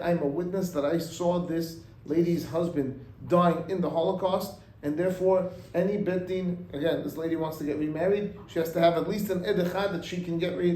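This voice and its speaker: A man's voice: a little high, mellow. Rabbi guy telling a story, acts out the voices, drops in hebrew words, kinda echoey. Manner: mixes in Hebrew and Yiddish words. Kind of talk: storytelling sermon.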